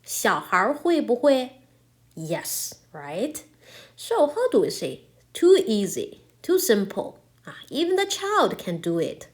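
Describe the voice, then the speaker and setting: Woman, native Chinese speaker, grammar teacher; slow, patient delivery with lively pitch swings. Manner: slow, patient explaining, checking in with "right?". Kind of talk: grammar lesson explaining in English with Chinese examples.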